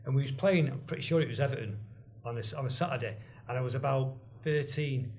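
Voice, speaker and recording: A man's voice: mid-range voice, quick pace, darkish tone, a little hiss or hum. A man, a guest telling rambling stories full of restarts and asides in casual chat. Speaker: guest, former band drummer.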